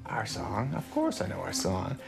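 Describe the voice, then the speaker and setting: An actor playing a flustered comedic husband who fumbles and bluffs in a comedy film scene, with a loud music score. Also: male voice, fairly low pitch, wildly swooping pitch, normal speed, vocal fry, exaggerated voice. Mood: bluffing.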